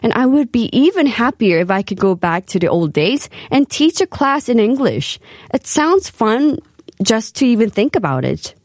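A woman hosting a scripted radio segment, reading carefully with lively emphasis. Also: a little high, moderate pace, no echo, clean studio sound. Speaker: radio host.

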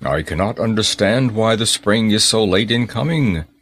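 A man voicing a grumpy, selfish male giant in a storybook reading, speaking gruffly. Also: lowish voice, animated, normal speed, a bit bright, no echo. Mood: puzzled.

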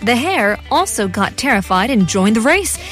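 A woman narrating a children's story in an expressive storytelling manner. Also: a little high, moderate pace, faint music behind.

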